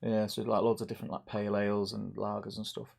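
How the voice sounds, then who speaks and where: A man's voice: fairly low pitch, level tone, fast, gravelly, a little mellow. A man co-hosting a casual hobby stream, reading viewer comments aloud, laughing often and trailing off.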